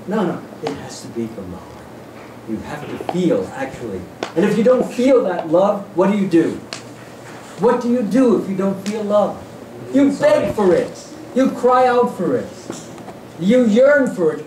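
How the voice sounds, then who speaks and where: A man's voice: sits high, big pitch swings, normal speed, warm tone. Man, spiritual teacher, earnest devotional lecture, pleading, noisy distant recording. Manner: earnest, pleading, repetitive emphasis. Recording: distant mic in echoey noisy room.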